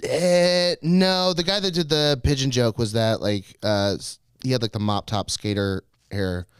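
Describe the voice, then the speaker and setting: A man co-hosting a podcast, telling a story in a casual and animated way, swearing a lot and putting on other people's voices in quotes. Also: mid-range voice, measured pace, clear, resonant tone, no room sound. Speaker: podcast co-host.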